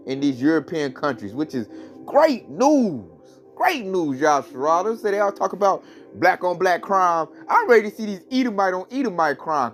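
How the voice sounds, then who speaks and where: High-voiced preachy vlogging man. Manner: repetitive, preachy, slangy, frequent laughs. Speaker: channel host. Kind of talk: religious commentary vlog.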